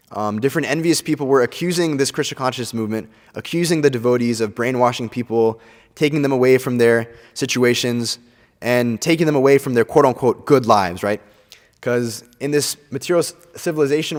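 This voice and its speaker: Young man preaching in a reverberant hall. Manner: earnest preaching, often ends points with "right?"; acts out quoted voices with big pitch swings. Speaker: speaker giving a scripture class. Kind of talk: scripture class lecture. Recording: long reverb from a large hall.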